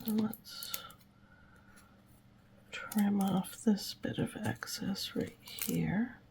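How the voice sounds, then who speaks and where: A woman host of a journaling channel, whispering softly to herself as she crafts and talks about it. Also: medium pitch, fairly even intonation, very slow, gravelly. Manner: whispers while working with her hands, talks to herself. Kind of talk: soft whispered crafting chatter.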